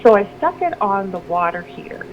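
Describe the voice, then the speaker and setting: A woman's voice: medium pitch, brisk. Rambling middle-aged woman, lo-fi audio. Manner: rambling, restarts sentences, animated when quoting others. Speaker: guest. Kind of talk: telling a personal story on a call-in radio show. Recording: lo-fi with noticeable background noise.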